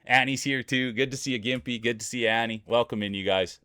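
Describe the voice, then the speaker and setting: Male streamer-commentator, upbeat play-by-play with chat shout-outs, mid-pitched, dry close-mic sound. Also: fairly even intonation, fast, clear, resonant tone, dry recording. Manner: upbeat, greets chat viewers by name, hypes race finishes.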